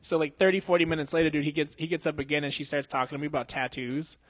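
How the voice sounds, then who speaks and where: A man's voice: a little high, fairly even intonation, rapid-fire, dry recording. Laughing, swearing young man telling a story. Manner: laughs often, profane, slangy, acts out quotes. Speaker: podcast host. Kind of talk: casual storytelling. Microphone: handheld mic.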